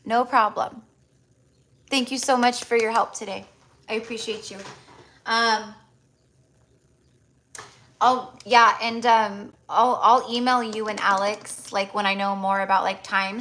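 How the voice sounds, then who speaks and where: A woman's voice: medium pitch, level tone, a little slow, long pauses, bright, forceful tone, a little hiss or hum. Chatty woman giving a live tarot reading. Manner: chatty, heavy use of "like" fillers; affectionate, addresses viewers as "my love". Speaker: tarot reader hosting a live stream. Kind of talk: casual live-stream reading.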